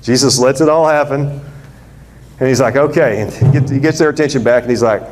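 A man preaching a sermon, telling the story with lively drama and acting out the characters in different voices. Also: medium pitch, a little fast, background noise.

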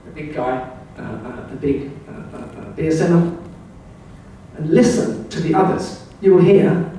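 A man's voice: fairly high pitch, animated, a little slow, mellow, distant mic, slight background noise. Older Englishman giving a wry talk in an echoey hall. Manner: anecdotal, wry storytelling. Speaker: club speaker. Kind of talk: presentation talk with slides. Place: club meeting room. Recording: very echoey room, voice heard from afar.

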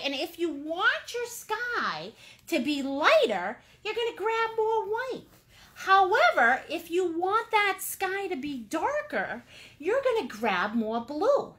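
A woman's voice: very high voice, very animated, slow pace, pushed and bright. A woman leading a live painting class, bubbly and playful, greeting viewers with pet names. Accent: Maine. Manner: bubbly, playful, chatty with endearments. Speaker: painting instructor.

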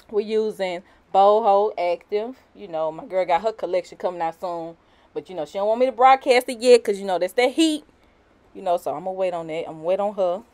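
A young woman talks over a wig install tutorial in a casual, off-the-cuff voiceover. Her speech is loose and slangy, packed with fillers, and she keeps slipping into giggles and nervous apologies. Her pitch sits right at an ordinary middle level. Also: a little mellow. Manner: slangy and chatty, with frequent "you know" and "y'all". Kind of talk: casual, unscripted voiceover narration.

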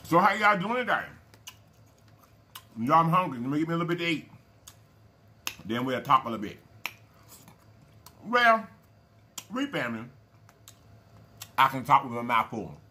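A man's voice: on the high side, very animated, normal speed, pauses often, pushed and bright, a little hiss or hum. A man hosting a casual eating show, folksy and chatty, calling viewers y'all and baby and humming over his food. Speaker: mukbang channel host.

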